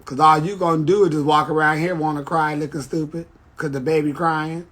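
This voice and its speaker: A man's voice: fairly high pitch, steady tone, fairly quick, fairly bright tone. A man chatting casually on a phone livestream, telling brash, profane stories. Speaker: drag performer on a livestream.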